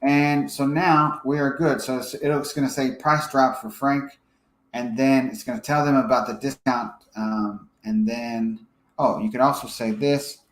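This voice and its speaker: A man giving a casual screen-share software tutorial, thinking aloud as he edits and checking in with "okay?". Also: mid-range voice, steady tone, measured pace, reverberant, slight background noise, low-quality recording. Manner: casual, thinks aloud while editing, frequent fillers and "okay?" check-ins. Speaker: software trainer.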